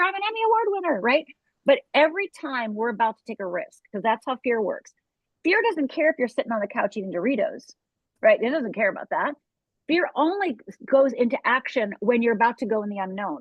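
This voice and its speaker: Woman, coach, emphatic, plays out inner voices, high-ish voice, dry sound. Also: expressive, brisk, dry recording. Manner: emphatic, acts out inner voices, tags "right?". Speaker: fear coach guest. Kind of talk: interview conversation. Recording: dull lo-fi call audio.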